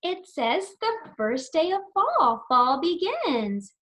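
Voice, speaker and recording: Middle-aged lady teaching little kids, takes her time, fairly high voice, keeps asking them questions. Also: sing-song, fairly bright tone. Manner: slow, sing-song and encouraging, with many questions to the children. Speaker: preschool teacher. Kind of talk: storytelling and circle-time lesson for young children.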